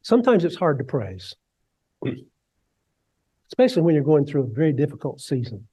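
High-voiced preacher with soaring swings. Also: male voice, big pitch swings, moderate pace, breathy edge. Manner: dramatic, swings from hushed to soaring cries; leads the congregation in call and response. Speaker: pastor. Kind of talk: sermon.

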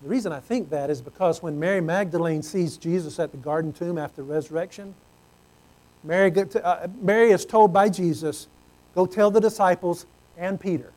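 A man preaching a sermon, earnest, swinging from loud exclamations to hushed low tones. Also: brisk, poor audio.

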